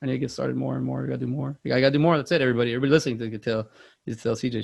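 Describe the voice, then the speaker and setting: Creaky-voiced man rambling on a podcast. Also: medium pitch, fairly even intonation, rapid-fire, darkish tone. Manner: rambling, self-deprecating, many restarts. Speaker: podcast host. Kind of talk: casual chat.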